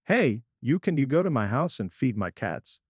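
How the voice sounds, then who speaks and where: Bossy, sneering male star read by a male narrator, husky and slightly raised in pitch. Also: big pitch swings, moderate pace, dry recording, clean studio sound. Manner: sneering, commanding. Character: arrogant male movie star, mocking and bossy.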